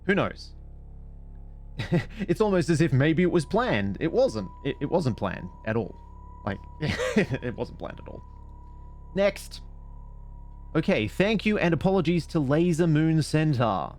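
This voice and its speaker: Man, streamer, story reading, lively pitch, digressive, self-mocking, faint music behind. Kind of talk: casual commentary and story reading.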